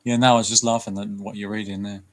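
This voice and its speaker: A man's voice: lowish voice, flat delivery. A man co-hosting a casual livestream, joking and tripping over his words. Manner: joking, halting.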